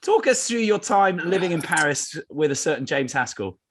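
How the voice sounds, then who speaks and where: Male podcast host, slightly high voice, asks guest to tell a story. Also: big pitch swings, normal speed, fairly bright tone. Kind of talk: interview question.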